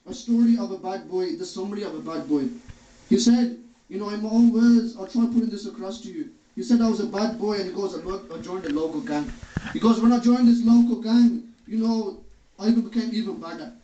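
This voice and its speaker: A man's voice: high-pitched, mellow. A man giving a religious talk, telling stories and retelling others' words as quotes. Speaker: preacher. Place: hall or home gathering. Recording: dull, roomy, distant sound.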